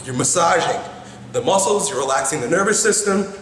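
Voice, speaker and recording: A blunt, foul-mouthed man talks straight to the camera like a coach, keeps checking in with "right?" at mid pitch. His voice rings around a reverberant room, and a faint hiss sits under it. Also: expressive, a little fast. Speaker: self-help vlogger. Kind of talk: casual coaching monologue. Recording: echoey room with faint noise.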